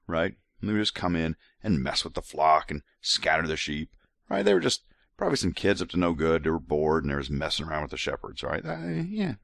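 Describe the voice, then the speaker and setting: The podcast host's voice sits on the low side, gravelly and a bit bright, in a dry, studio-quality recording. A little drunk, he rambles through a casual monologue, laughing and restarting many times.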